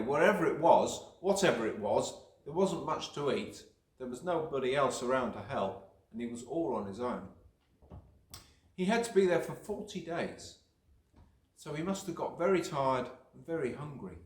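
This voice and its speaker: A man gently telling children a Bible story, asking them questions along the way. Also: medium pitch. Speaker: church children's leader. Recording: echoey room.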